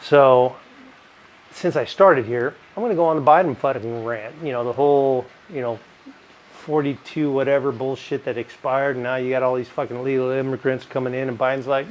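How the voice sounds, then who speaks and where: A man's voice: medium pitch, slight background noise, poor audio. A middle-aged man reviewing bourbon in a casual, rambling way, swearing often and drifting into rants. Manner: profane, rambling, ranting. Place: home in California.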